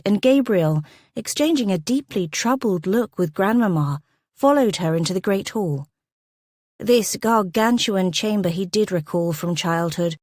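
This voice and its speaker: A woman's voice: fairly low pitch, a little mellow, no room sound. Dry, close woman narrating a romance. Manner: measured, descriptive. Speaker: audiobook narrator. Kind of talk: scripted narration.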